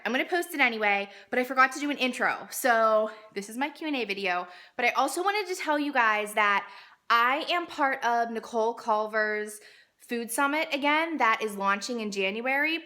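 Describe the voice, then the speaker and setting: A woman in her thirties talks to camera from home, a food blogger answering questions in a loose, rambling way full of fillers. Her voice is bright and clear, and the room adds a noticeable echo. She sounds like someone chatting casually at home. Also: a little high. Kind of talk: casual vlog Q and A. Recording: roomy echo.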